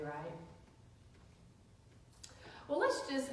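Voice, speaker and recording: With a fairly low voice that swings widely, a woman pastor preaches at a moderate pace, pausing at length as she tells stories and asks the congregation questions. The distant, echoey church recording has a faint hiss or hum.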